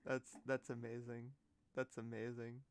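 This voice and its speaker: A woman's voice: a bass voice, little pitch movement, unhurried, background noise. A woman streamer in a casual live-stream reaction, giggly and gushing, often exclaiming and trailing off mid-sentence.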